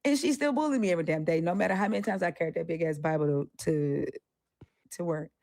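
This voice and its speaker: A woman with a lowish voice talks bluntly and animatedly, cursing freely as she speaks her mind. The sound is dry and close. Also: quick pace, gravelly, no room sound. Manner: animated, swears freely, acts out quoted voices. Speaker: co-host. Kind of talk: casual panel discussion.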